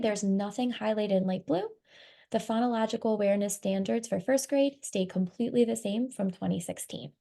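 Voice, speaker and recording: Gravelly-voiced woman presenting a webinar. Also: mid-range voice, warm tone. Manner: explanatory, walks through slides. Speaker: reading instruction director.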